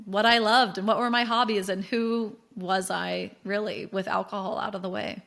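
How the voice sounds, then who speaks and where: A woman in her thirties from the United States, a podcast guest telling her story candidly in a chatty, animated way with many fillers. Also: mid-range voice, normal speed, creaky.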